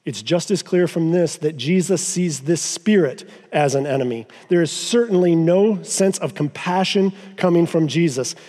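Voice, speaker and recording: High-voiced pastor preaching in a reverberant hall. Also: male voice, mellow. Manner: emphatic, slows down to stress key phrases. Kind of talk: sermon. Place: church sanctuary.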